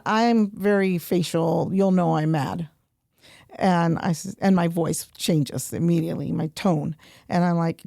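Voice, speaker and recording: A woman guest on a podcast interview, telling animated stories and repeating points for emphasis. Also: fairly low pitch, unhurried, gravelly, no echo, studio quality. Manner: animated storytelling, quoting herself and others. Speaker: guest, nonprofit program director.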